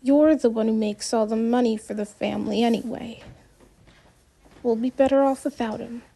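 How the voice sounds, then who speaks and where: A woman reading an audiobook, voicing a teenage son who speaks in a measured, steady way to comfort his mother. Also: a little high, creaky, breathy edge. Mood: earnest. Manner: measured, trying to stay calm. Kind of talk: audiobook character voice.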